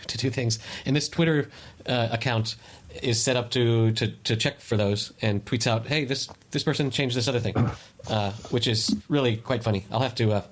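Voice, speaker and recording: A man co-hosting a podcast in casual chat, giving meandering explanations with many restarts. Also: mid-range voice. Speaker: podcast co-host.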